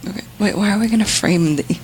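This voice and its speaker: A woman's voice: medium pitch, fast, a little mellow, a little hiss or hum. A woman co-hosting a casual podcast, blunt and sarcastic, swearing freely. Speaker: podcast co-host. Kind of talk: casual chat.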